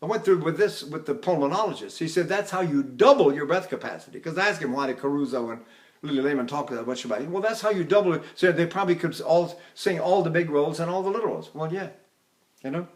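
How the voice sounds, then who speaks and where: An older voice teacher speaks quickly and expressively, his voice on the high side. In this recorded lecture he meanders conversationally and occasionally sings brief operatic lines as demonstrations.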